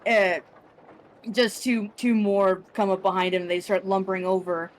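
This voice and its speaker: A woman's voice: mid-range voice, little pitch movement, moderate pace, a little hiss or hum. A young adult woman narrating a tabletop game as game master, rambling with lots of restarts and fillers. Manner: rambling, full of likes and restarts.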